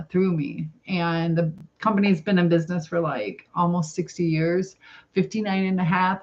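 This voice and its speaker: A middle-aged woman with a Southern US accent, hosting a casual cooking livestream, rambling and reading viewer comments aloud. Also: on the low side. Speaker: livestream host. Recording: dull lo-fi livestream audio.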